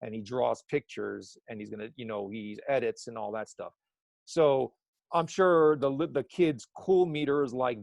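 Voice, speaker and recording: Male interview guest, mid-pitched, gravelly, rambling storyteller who keeps correcting himself. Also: moderate pace, a little mellow, dry recording. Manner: rambling, frequent restarts and self-corrections.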